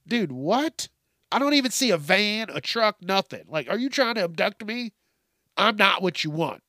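A man's voice: sits high, expressive, moderate pace, pushed and bright, no room sound, clean studio sound. A male podcast host ranting through a profane solo monologue, congested from allergies.

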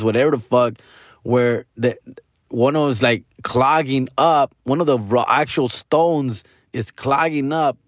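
A young man rambles through a comedic story, full of profanity and Spanish slang. His voice is mid-pitched and sounds close and dry. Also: no echo. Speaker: podcast host.

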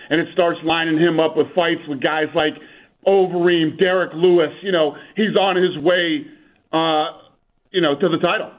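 A man calling in as a guest on a radio show, talking up fights with brisk enthusiasm and reeling off stats. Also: on the high side. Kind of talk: phone-in radio interview. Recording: tinny phone line.

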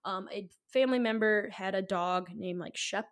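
A woman's voice: medium pitch, normal speed. A young woman co-hosting a podcast, telling a personal story in a rambling, casual way, full of fillers and the odd swear word. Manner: rambling, full of likes and ums, swears freely. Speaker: podcast co-host.

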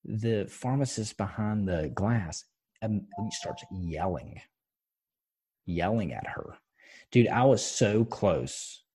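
Blunt, husky-voiced man swearing freely. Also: sits low, darkish tone. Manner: blunt, swears freely, tells stories with passion. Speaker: podcast co-host. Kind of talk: casual chat.

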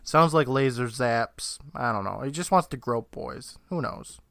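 Bright-voiced man recapping with laughs. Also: mid-range voice, a little slow, vocal fry, no echo, studio quality. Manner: laughing, swearing, mimics characters. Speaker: podcast co-host. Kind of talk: casual episode recap.

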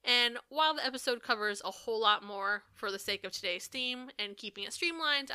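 A woman's voice: mid-range voice, clean tone, dry recording, clean studio sound. A young woman co-hosting a podcast in casual chat, ranting with sarcasm and swearing freely. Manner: sarcastic and profane, animated ranting. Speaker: podcast co-host.

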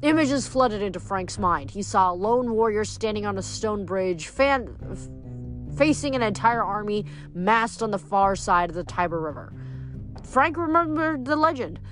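A woman's voice: medium pitch, lively intonation, unhurried, faint music behind. A young woman hosting a reading channel, recapping casually with fillers and then reading a novel aloud. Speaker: book reader.

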